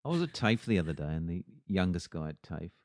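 A man's voice: low voice, very animated, quick pace, no room sound. A middle-aged Australian man co-hosting a podcast, chatting bluntly with plenty of swearing. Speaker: podcast co-host. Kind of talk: casual chat.

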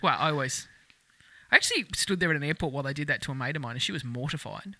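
A woman's voice: sits low, rapid-fire, no room sound. An Australian woman in her thirties, co-hosting a casual chat, telling crude stories, laughing a lot and acting out the other people in them. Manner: crude, laughing, animated storyteller who acts out quotes. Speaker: podcast co-host.

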